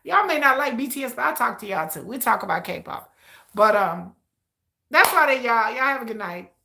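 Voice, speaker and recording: A woman chatting casually with her live audience about K-pop videos, animated and talkative. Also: a little high, moderate pace, vocal fry. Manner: chatty, animated, addresses viewers as y'all. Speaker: K-pop reaction vlogger. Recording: echoey room.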